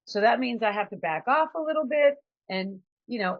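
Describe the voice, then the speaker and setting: A woman's voice: fairly high pitch, lively intonation, a little fast, few pauses, dry recording, dull audio. A woman giving a conversational, reflective motivational talk as a trainer. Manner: conversational, reflective, acts out quotes.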